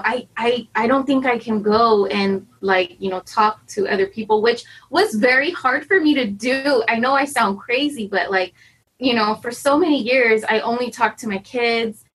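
Anxious, rambling woman with a husky voice. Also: on the high side, moderate pace, fairly bright tone, low-quality recording. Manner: anxious, rambling, restarts often and quotes her own worries. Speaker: karate student preparing for black belt. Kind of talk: candid conversational interview.

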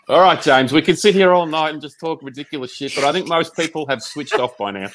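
Laid-back podcast host. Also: male voice, a little high, huge pitch swings, moderate pace, a bit bright. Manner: laid-back, joking banter. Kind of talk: casual podcast chat.

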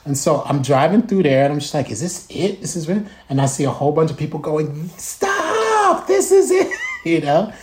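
A man telling a story in casual chat, acting out quotes with big jumps in pitch. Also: brisk, a little mellow, slight background noise. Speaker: guest.

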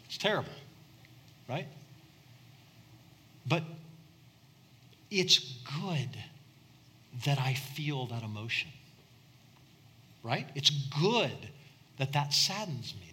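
A man's voice: fairly high pitch, lively intonation, slow, pauses often, pushed and bright. A middle-aged man preaching a conversational sermon, repeating words and building to impassioned peaks. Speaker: pastor.

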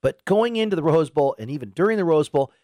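A man hosting sports talk radio, his voice rising and falling a lot as he chats. He slips into high, excited voices when he plays out what fans say. The sound is close and dry, recorded in a studio. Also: quick pace, no room sound. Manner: animated, quotes imagined fans in raised voice. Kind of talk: casual sports radio chat.

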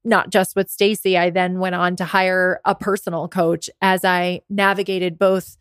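Her voice is fairly low and clear, with a resonant, slightly bright tone, flat delivery, and a measured pace, recorded dry at studio quality. The speaker, a podcast host and business coach near forty, tells a candid personal story, says she's worn out and under the weather, and becomes emotional with many restarts.

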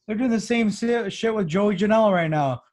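A man's voice: high voice, a little fast, a little mellow. A man in casual wrestling chat, jumping in with emphatic points.

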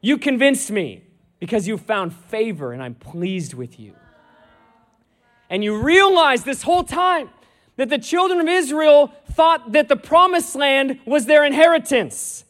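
A male preacher with a strikingly high voice delivers an animated sermon. He retells scripture as lively dialogue, voicing each exchange and leaning hard on key lines. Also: a little slow. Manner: animated storytelling, acting out dialogue, emphatic.

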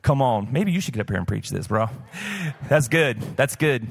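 A man's voice: medium pitch, lively intonation, moderate pace, creaky, husky. A man pastor preaching a sermon at a live church service, talking candidly and conversationally with casual asides. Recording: long church hall reverb.

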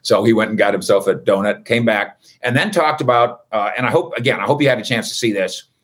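A man's voice: fairly low pitch, fast, fairly bright tone. A man hosting a casual sports recap, chatty and wisecracking with rambling asides. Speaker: sports reporter host.

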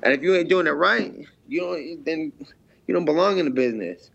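A man's voice: on the high side, animated, brisk, creaky, fairly bright tone. Blunt, foul-mouthed man on lo-fi audio. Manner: blunt, heavily profane, acts out his own past remarks. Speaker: fighter being interviewed. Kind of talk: casual interview talk. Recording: dull lo-fi sound.

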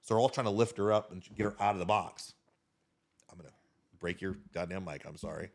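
A man telling a casual story as a podcast guest, animated and swearing freely, talking with his hands. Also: deep voice, brisk, creaky.

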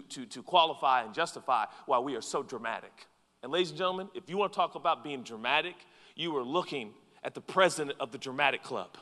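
A man preaching a sermon, animated, dropping to quiet asides and rising to loud acted-out quotes. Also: mid-range voice, fairly quick. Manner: animated, acts out quoted voices, swings from soft to loud. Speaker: pastor. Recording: long reverb from a large hall.

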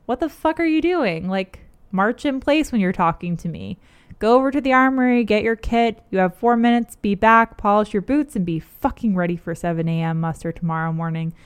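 A woman voicing a gruff male lance corporal who barks orders and swears. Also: medium pitch, a little fast, lightly acted. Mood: harsh.

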